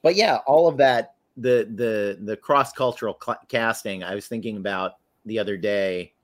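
A man in casual podcast conversation, animated and laughing, often restarting his phrases. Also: on the low side, moderate pace. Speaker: podcast guest or host, artist.

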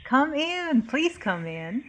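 A woman's voice: high voice, sing-song, takes it slowly, a bit bright, slight background noise, exaggerated voice. A woman playing a doting older churchgoing hostess in an audio drama. She keeps calling her guest dear and honey. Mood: sweet. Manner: sugary, calls the visitor dear and honey.

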